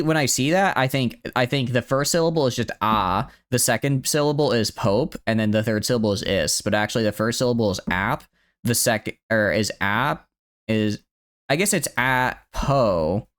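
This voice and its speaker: A man's voice: mid-range voice, a bit bright, clear, resonant tone. A man streaming a video game in casual live commentary, thinking aloud and tripping over words as he restarts.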